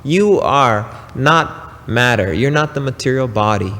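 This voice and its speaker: Slow, emphatic male spiritual teacher. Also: mid-range voice, lively intonation, sharp tone, long reverb tail. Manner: slow, emphatic preaching with long pauses and asides. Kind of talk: recorded spiritual talk.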